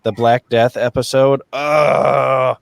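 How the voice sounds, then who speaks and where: A man's voice: mid-range voice, fairly even intonation, slow, creaky, dry recording. Chatty man hosting over a dry mic. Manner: chatty, enthusiastic, laughs often. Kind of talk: casual panel chat.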